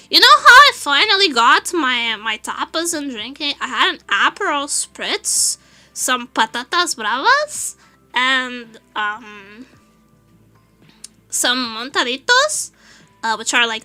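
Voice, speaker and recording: A Portuguese woman streaming a casual chat, telling an animated story with frequent laughter and swearing. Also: high-pitched. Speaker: VTuber streamer.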